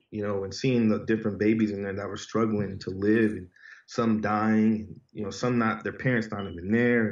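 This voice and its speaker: A man's voice: lowish voice, darkish tone, far from the mic. Earnest male podcast guest, casual heartfelt storytelling, recorded off-mic in a roomy space with dull sound. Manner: earnest, heartfelt, frequent "you know" and "man". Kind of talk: personal storytelling in conversation.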